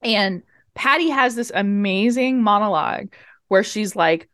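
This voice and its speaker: A woman co-host retells a movie scene by scene in loose, casual chat. She slips into quick bits of the characters' dialogue and swears freely. Her voice sits mid-range, recorded close and dry with no room sound. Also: medium pitch, dry recording. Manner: animated retelling with acted-out quotes and swearing. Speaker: podcast co-host.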